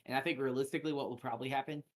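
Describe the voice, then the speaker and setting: A man's voice: mid-range voice, steady tone, racing, slight background noise. Casual man breaking down fantasy picks. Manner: loose, filler-heavy analysis with frequent restarts. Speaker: fantasy football stream host. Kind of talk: casual live-stream chat.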